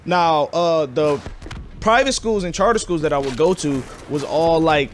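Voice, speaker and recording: A man's voice: fairly high pitch, unhurried, slight background noise. A young man telling a school story in slangy, profane casual talk as a gaming YouTuber. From Detroit, USA. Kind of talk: casual storytelling over gameplay.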